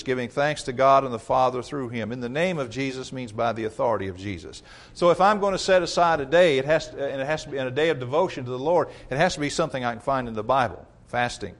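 A man preaching a sermon, emphatic, reading scripture aloud and calling his listeners folks. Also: on the high side.

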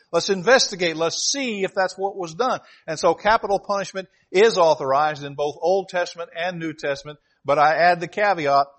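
A man preaches, his voice sitting a little high for a man. He hammers on key phrases, repeating them for emphasis. He moves between reading scripture aloud and explaining it to his listeners. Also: a bit bright. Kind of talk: sermon.

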